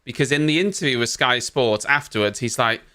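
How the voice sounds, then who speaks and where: A man's voice: medium pitch, brisk, pushed and bright. A young man hosting a race watchalong, giving live reaction commentary in an exasperated, ranting way and swearing casually.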